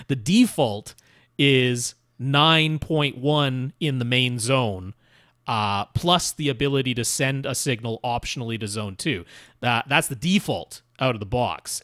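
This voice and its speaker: A man's voice: mid-range voice, fairly bright tone, dry recording, studio quality. A man co-hosting a podcast, explaining equipment settings casually with fillers and restarts. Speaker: podcast co-host. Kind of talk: casual technical chat.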